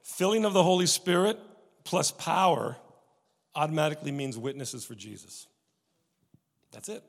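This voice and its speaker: A man preaching a sermon, telling stories with many restarts and swings from loud emphasis to hushed tones. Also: a little high, normal speed, vocal fry, in a large hall. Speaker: pastor.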